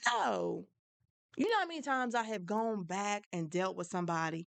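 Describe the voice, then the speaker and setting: A woman's voice: medium pitch, sing-song, brisk, no room sound. A woman hosting a solo advice podcast, talking frankly and conversationally, with a preachy edge. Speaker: podcast host.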